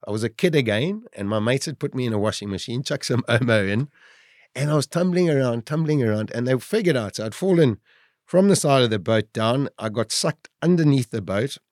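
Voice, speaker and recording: A middle-aged man vividly telling his own survival story, with animated storytelling that rises at the dramatic moments. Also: mid-range voice, brisk, dry recording, studio quality. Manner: vivid, lively retelling, rising to shouts at dramatic moments. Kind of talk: animated first-person storytelling.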